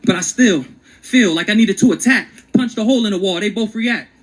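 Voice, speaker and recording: A man's voice: high voice, brisk, poor audio. A man performing a rhyming spoken word story with a rhythmic, dramatic delivery. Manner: rhythmic, dramatic storyteller who acts out quotes.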